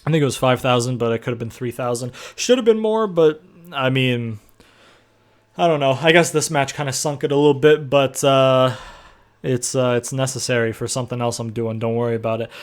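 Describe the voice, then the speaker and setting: A young man in the middle of his voice range, narrating his game session as a host. His talk is loose and rambling, full of fillers and restarts, with casual swearing. He sounds relaxed and conversational throughout. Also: medium pitch, brisk. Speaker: gaming video host. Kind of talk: casual game commentary recap.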